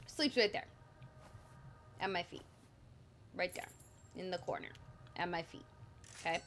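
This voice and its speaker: A woman's voice: mid-range voice, pushed and bright, slight background noise. A young adult woman chatting casually while playing a game, rambling with lots of ums and likes. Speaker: streamer. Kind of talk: casual gameplay chat.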